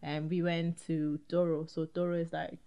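A young woman from Nigeria, a guest telling stories in a casual chat, lively and quick to laugh. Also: deep voice, smooth. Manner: lively, animated storyteller who laughs often.

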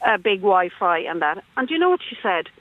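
A woman's voice: mid-range voice, fairly quick. An Irish woman calling in to a radio show, animatedly retelling a story and acting out the voices in it. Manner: emotional, animated retelling with quoted dialogue. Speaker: caller. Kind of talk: phone-in call to a radio show. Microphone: phone. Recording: tinny phone line.

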